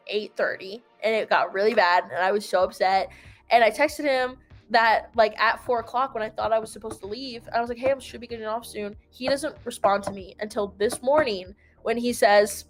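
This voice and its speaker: A woman's voice: mid-range voice, normal speed, soft background music. A young adult woman telling a long story in casual chat, rambling and peppered with "like". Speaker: host.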